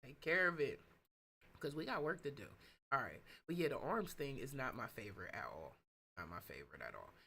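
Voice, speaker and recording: A woman hosting a casual livestream. She is chatty and excitable, and she swings between loud gushing and low asides while reading out viewer comments. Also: normal speed, slightly rough. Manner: reads viewer comments aloud. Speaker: host of a live business stream.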